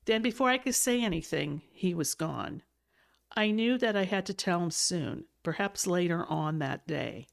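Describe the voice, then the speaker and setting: A woman's voice: fairly low pitch, expressive, normal speed, vocal fry. A woman podcast host reading a novel aloud with expression and small self-corrections, then chatting casually about it. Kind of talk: audiobook-style reading, then casual chat.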